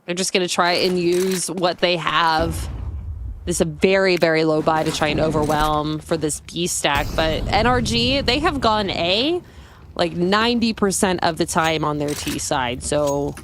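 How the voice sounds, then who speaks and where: A woman doing live play-by-play commentary on an esports match, calling the action quickly with teasing banter. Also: on the low side. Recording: clear background noise.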